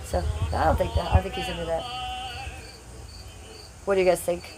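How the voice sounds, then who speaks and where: A woman's voice: on the low side, flat delivery, brisk, crowd noise. A woman hosting a casual livestream, reading chat comments aloud in a brash, crude and playful way. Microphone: phone.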